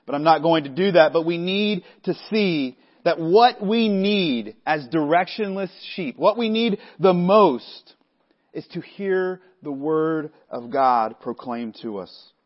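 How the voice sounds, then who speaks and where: A man preaching a sermon as pastor, measured and earnest, sometimes stumbling and restarting his words. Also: on the high side, expressive, muffled recording. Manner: measured preaching with frequent restarts, voicing the disciples conversationally.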